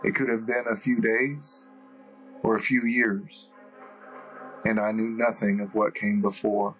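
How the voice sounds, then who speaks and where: A man reading a first-person story as an audiobook narrator, in a measured, deliberate way. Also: fairly low pitch, level tone, fairly bright tone, faint music behind, low-quality recording.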